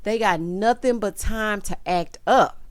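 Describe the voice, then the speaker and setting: A woman's voice: mid-range voice, a little slow, no room sound. A woman, chatting sassily to her viewers as she recaps a reality show. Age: late 30s. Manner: sassy, chatty, talks straight to viewers. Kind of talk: casual recap commentary.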